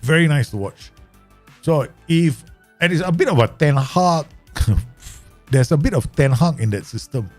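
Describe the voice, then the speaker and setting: A man with a Southeast Asian English accent commentating live on his management game, chatty and quick to laugh as he talks to his viewers. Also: on the high side, lively intonation, faint music behind. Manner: chatty, laughs easily, talks to himself and chat. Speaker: game streamer.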